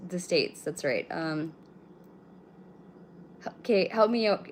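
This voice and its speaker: A woman's voice: fairly low pitch, normal speed, long pauses, slight background noise. A woman in her thirties chatting casually on a live stream, rambling, blunt and swearing freely as she answers viewers. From British Columbia, Canada. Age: 30s. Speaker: livestreamer.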